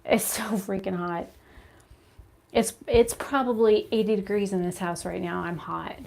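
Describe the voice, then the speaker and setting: A woman's voice: medium pitch, a little slow, creaky. Chatty woman vlogging while doing makeup. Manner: chatty, rambling, animated storytelling with laughs. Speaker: beauty vlogger. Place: her home, indoors. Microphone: phone camera at arm's length.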